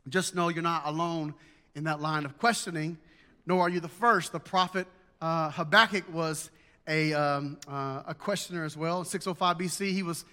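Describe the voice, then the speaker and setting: A man in his forties, preaching with folksy humor and building emphasis. His voice sits high and sounds bright and forceful. The sound rings with the long reverb of a hall. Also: fairly even intonation, moderate pace, clean tone. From Southern United States. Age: 40s. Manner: folksy storytelling with jokes, rising to emphatic preaching. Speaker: pastor. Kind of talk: sermon.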